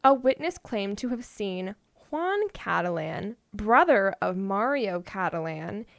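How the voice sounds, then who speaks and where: A woman's voice: medium pitch, sing-song, slow, vocal fry, dry recording. A woman co-hosting a podcast, telling odd stories in a playful, casual way and often laughing. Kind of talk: casual storytelling chat.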